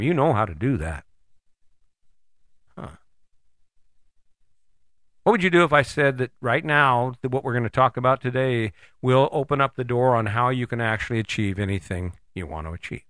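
Male host, bright forceful voice, dry close sound; loose, rambling motivational talk full of restarts. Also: medium pitch, dry recording. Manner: conversational, rambling, frequent restarts. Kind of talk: motivational monologue.

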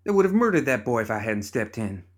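A man's voice: on the low side, a little fast, fairly bright tone, lightly acted. A man voicing a defiant, reckless young woman who snaps back at her father. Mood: shouting. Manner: defiant, snapping.

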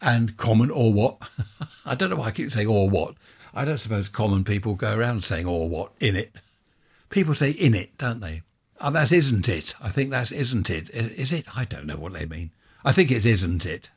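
An older man from England hosts his show alone, talking in a loose, wandering way and chuckling as he goes. His voice sits low with a husky, slightly rough edge. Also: expressive, moderate pace. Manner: chatty, wandering, with chuckling asides. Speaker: podcast host. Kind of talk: rambling casual monologue.

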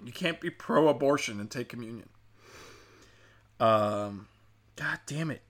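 A man's voice: medium pitch, expressive, slow pace, pauses often, a bit bright. A man hosting a show, ranting in profane, sarcastic commentary and mocking the people he talks about.

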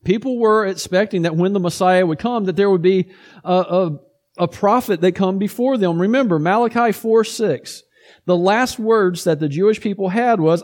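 High-voiced man preaching conversationally. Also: moderate pace. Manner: conversational, lively storytelling with asides. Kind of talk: sermon.

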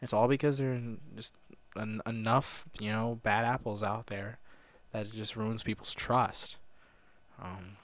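A man's voice: on the low side, steady tone, unhurried, a bit bright. A man hosting a casual podcast conversation, talking animatedly about trust and giving frequent short replies.

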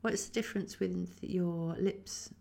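A woman who is a voice teacher, calmly guiding a voice exercise and demonstrating the sounds herself. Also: lowish voice, measured pace, creaky. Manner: calm, instructive, demonstrates sounds. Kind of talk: guided voice exercise.

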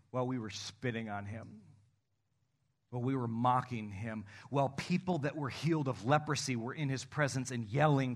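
A man's voice: medium pitch, normal speed. A pastor in his thirties, from the North Country, preaching with jokes and acted-out little scenes. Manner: animated, joking, acts out little scenes. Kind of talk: sermon.

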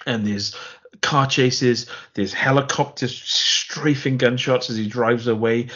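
A man's voice: medium pitch, steady tone, takes it slowly, fairly bright tone, highs cut off. A man co-hosting a podcast, rambling sarcastically through a film plot and interrupting himself. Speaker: podcast co-host. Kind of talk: casual film-review chat.

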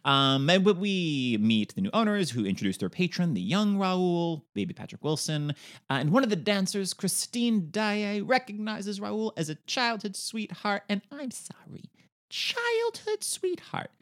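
A woman's voice: lowish voice, expressive, moderate pace. A woman co-hosting a podcast, recapping a film in casual, playful chat and slipping into silly voices. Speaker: podcast co-host.

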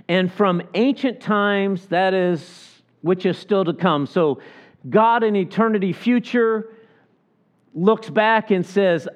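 A man preaches in an earnest sermon voice, a touch higher than most men. He slows right down to lean on the verses he quotes. The recording is dull and lo-fi. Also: expressive. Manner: earnest, slows down to stress scripture. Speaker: pastor. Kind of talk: sermon with prayer. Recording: dull lo-fi sound.

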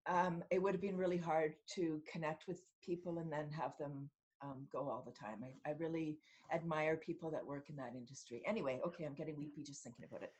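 A middle-aged woman from Canada, a podcast guest telling stories in casual conversation, animated and often laughing as she acts out what people said. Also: deep voice, brisk, hardly any pauses. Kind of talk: casual storytelling in an interview.

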